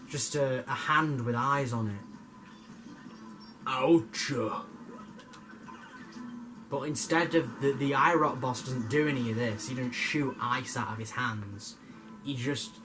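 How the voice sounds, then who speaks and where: A man's voice: mid-range voice, sharp tone. A young man giving jokey, rambling commentary over his gameplay, stammering and swearing now and then. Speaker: gamer.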